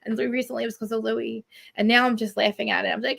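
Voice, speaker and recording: A woman with a New Jersey accent, chatting as a podcaster guest on a video call, animated and laughing, swearing freely. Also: fairly high pitch, fast, creaky. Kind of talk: casual chat.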